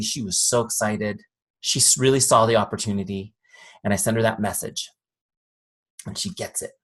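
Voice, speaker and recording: A man giving a live sales training talk, lively and questioning the audience. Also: lowish voice, a little fast. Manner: lively, acts out quoted voices, asks audience questions.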